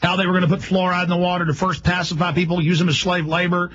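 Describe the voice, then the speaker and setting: A man hosting a radio show, delivering a rapid, emphatic, rambling monologue. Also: high voice, little pitch movement, fairly bright tone, highs cut off.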